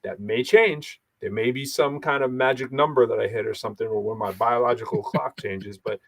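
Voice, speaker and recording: Lebhafter Mann im lockeren Gespräch. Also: male voice, mid-range voice, a little fast. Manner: animated, tells stories with quoted voices. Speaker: podcast co-host. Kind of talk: casual chat.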